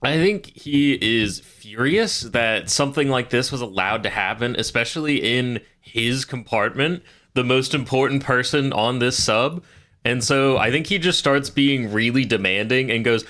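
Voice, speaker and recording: Bright-voiced man playing a tabletop game. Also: medium pitch, unhurried. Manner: casual. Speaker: player.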